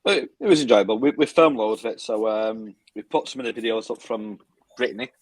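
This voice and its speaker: A man's voice: on the low side, fairly quick, no room sound. A British man co-hosting a podcast in casual chat, rambling and restarting his sentences. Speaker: podcast co-host.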